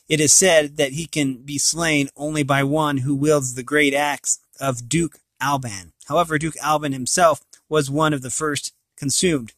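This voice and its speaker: A man reading a fantasy novel aloud in a plain, unhurried way, with frequent slips and restarts. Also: on the high side, fairly even intonation, fairly bright tone, no room sound. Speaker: reader.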